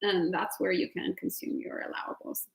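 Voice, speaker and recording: Italian woman teacher, gravelly voice, chatty and laughing, roomy echo on the recording. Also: on the low side, fairly even intonation, normal speed. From Italy. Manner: chatty, laughs often, many fillers. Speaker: meditation teacher answering questions. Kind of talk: casual Q&A at an online retreat.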